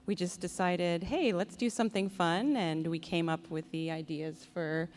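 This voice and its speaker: A woman's voice: lowish voice, steady tone, normal speed, a little mellow. A woman on a convention panel telling a story in a playful, joking way. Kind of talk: panel discussion.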